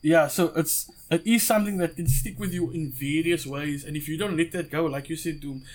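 A young South African man guests on a podcast, telling stories in a loose, animated style with frequent laughter and free swearing. His voice sits on the high side and his pace is brisk.

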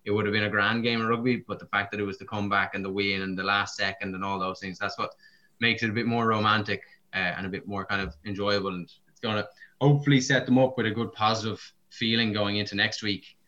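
A man's voice: lowish voice, steady tone, fast, sharp tone. A man chatting casually about rugby, with lots of fillers. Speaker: podcast co-host. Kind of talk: casual sports chat. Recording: dull lo-fi sound.

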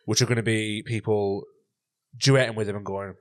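A man's voice: lowish voice, moderate pace. A man co-hosting a podcast, telling stories in a casual chat and acting out the voices of the people in them. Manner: animated storytelling, acts out voices. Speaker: podcast co-host.

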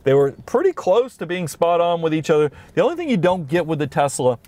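Speaking fairly quickly with a slightly high, sing-song voice and a darkish tone, a middle-aged Southern US podcast co-host reviews a car from inside it. His casual chat is enthusiastic and explanatory as he goes over the features.

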